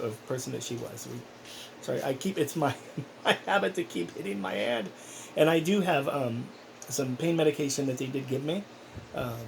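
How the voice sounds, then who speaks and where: A man's voice: medium pitch, vocal fry, darkish tone, a little hiss or hum, poor audio. A man talking casually in a personal vlog, rambling and earnest, with many restarts. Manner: earnest, encouraging. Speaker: vlogger.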